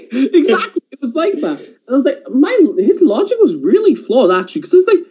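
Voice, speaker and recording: A man from England telling a story in casual podcast chat, animated and swearing a lot. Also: extremely high pitch, brisk. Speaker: podcast host. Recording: dull lo-fi sound.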